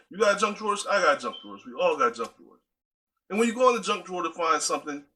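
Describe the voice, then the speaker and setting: A man talks straight to his viewers in a casual, preachy way. His voice sits high and sounds very bright. He keeps calling his listeners y'all. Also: poor audio. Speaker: video host. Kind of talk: casual direct-to-camera talk.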